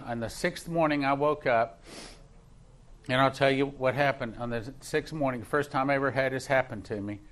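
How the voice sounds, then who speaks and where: Man, pastor, sermon, emphatic storytelling, repeats words for stress, mid-pitched voice. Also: fairly bright tone.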